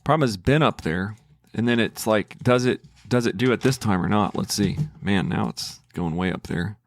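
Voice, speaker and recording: Low gravelly guy muttering through his trades, hesitant, lots of restarts, dry close mic. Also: normal speed, no echo. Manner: thinking aloud, hesitant, with restarts and self-talk. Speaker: trading channel host. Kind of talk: casual trading commentary.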